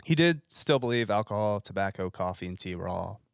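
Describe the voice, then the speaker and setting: A man's voice: fairly low pitch, animated, brisk, creaky, clean tone, no echo. A man hosting a casual history podcast, reading out facts from his notes with dry asides. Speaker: podcast host presenting the history.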